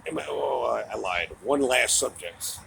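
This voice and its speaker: A middle-aged man vents in a heated, profane monologue, his voice thick with gravelly fry. He sits at an ordinary middle pitch, scornful and mocking. A faint background noise hangs under the recording. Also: lively intonation, unhurried, fairly bright tone, poor audio. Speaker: political commentator. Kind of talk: angry political rant.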